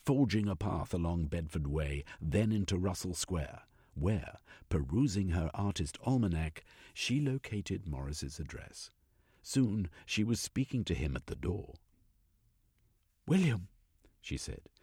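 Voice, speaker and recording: Brief: deep, husky male storyteller, lively delivery, dry close sound, faint music behind. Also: unhurried, no echo. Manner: expressive, varied. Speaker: narrator. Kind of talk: audiobook narration.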